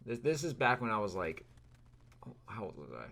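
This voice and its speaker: A man's voice: lowish voice, sing-song, normal speed, pushed and bright. A man in his thirties from California, telling a rambling, sarcastic story full of fillers and asides over gameplay. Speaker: gaming video creator.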